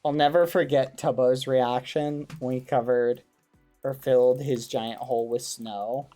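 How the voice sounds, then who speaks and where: Male game streamer, casual excited chat, wholesome exclamations, mid-pitched voice. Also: a little slow, faint music behind. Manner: excitable, talks to his chat; wholesome, avoids swearing. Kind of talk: casual gaming livestream chat.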